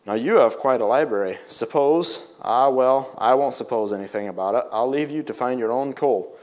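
A man voicing a kind grown-up cousin in a read-aloud story, speaking with quiet, gentle counsel. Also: medium pitch, moderate pace, close to an everyday voice. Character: kindly grown cousin, calm and wise.

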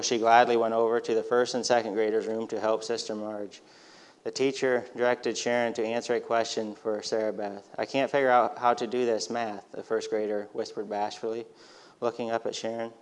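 Male storyteller, low even voice, smooth tone, gentle steady reading.

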